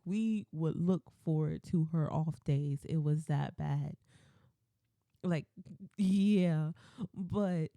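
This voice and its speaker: A young woman hosts a podcast alone and tells stories about her old workplaces. Her voice is very dark and mellow, and it sits a little low. She acts out her coworkers with lively quoted voices, and the recording is dry and close. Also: vocal fry, no room sound. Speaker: podcast host. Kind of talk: casual storytelling monologue.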